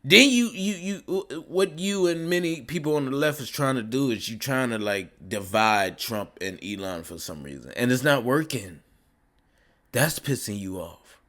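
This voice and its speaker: A man's voice: medium pitch, lively intonation, normal speed, few pauses, fairly bright tone. A man delivering a ranting commentary, mocking and scolding with insults. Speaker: commentary vlogger.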